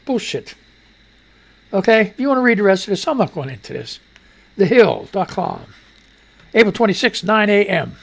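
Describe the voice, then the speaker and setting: A man's voice: high voice, wildly swooping pitch, a little fast, gravelly. A man hosting a radio show, reading news items and breaking off into crude, mocking asides. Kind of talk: casual news commentary.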